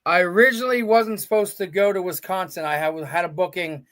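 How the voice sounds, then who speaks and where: A man's voice: high-pitched, brisk. A middle-aged man, a veteran wrestler, telling stories as a guest and voicing the people he quotes. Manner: animated storyteller, quotes people in their own voices. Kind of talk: casual storytelling interview.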